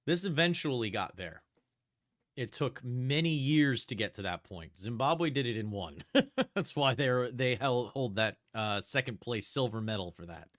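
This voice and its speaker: A man's voice: medium pitch, a little slow. Man calling a live coin auction. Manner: chatty, calls bids in a steady auction chant.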